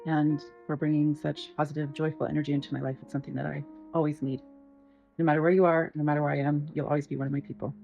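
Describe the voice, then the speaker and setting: Gravelly, flat-toned woman in a lo-fi clip. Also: sits low, fast talker, soft background music. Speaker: friend giving a birthday tribute. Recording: dull lo-fi audio.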